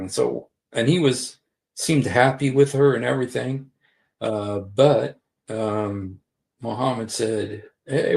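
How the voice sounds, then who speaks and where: A man's voice: on the low side, creaky, a little mellow. A man hosting a casual livestream, rambling with many fillers and restarts. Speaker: livestream host.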